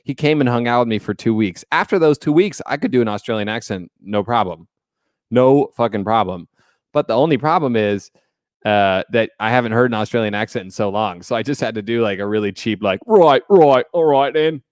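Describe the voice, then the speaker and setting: A man's voice: fairly low pitch, brisk, no echo, clean studio sound. A man hosting a casual livestream, chatty and joking as he greets viewers by name. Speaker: livestream host.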